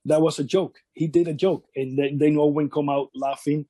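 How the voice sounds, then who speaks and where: Guy in his 50s, broken english, laughing through old stories, warm low-key tone, dry mic. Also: normal speed, slightly rough, no room sound. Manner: animated anecdotes, non-native English grammar. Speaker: interview guest, former wrestler. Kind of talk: shoot interview storytelling.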